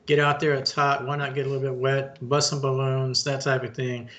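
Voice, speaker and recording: A man's voice: medium pitch, flat delivery, fairly quick, a bit bright. A middle-aged man co-hosting a casual talk show, telling a long story in a folksy way and calling listeners folks and bud. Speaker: podcast co-host.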